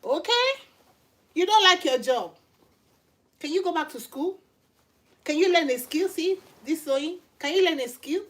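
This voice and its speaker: Woman, Nigerian accent, middle-aged, high voice, informal preaching, emphatic, repeated rhetorical questions. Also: expressive, moderate pace, long pauses. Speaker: channel host and lay preacher.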